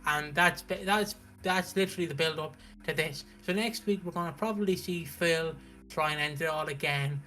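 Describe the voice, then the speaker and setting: A British man recapping a soap opera on a stream in a casual, animated way, with frequent restarts. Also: a little high, moderate pace, faint music behind. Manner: animated storytelling, acts out characters' lines, frequent restarts.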